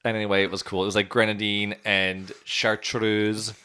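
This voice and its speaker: Chatty late-20s guy cohosting a podcast, rambly, bright voice. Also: on the low side, flat delivery, normal speed, a little hiss or hum. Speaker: podcast co-host. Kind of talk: casual chat.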